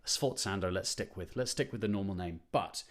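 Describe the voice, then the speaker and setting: A man's voice: low voice, brisk. A man leading an online choir rehearsal, explaining phrasing patiently, repeating points for emphasis, with light self-deprecating humor. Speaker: choir conductor.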